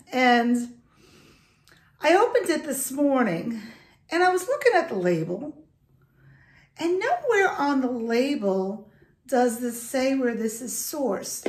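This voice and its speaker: Slow, upset woman venting to camera. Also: high voice. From Italian heritage. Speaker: dog food vlogger. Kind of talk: casual vlog talk to camera. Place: indoors at home, holding her dog. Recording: echoey room.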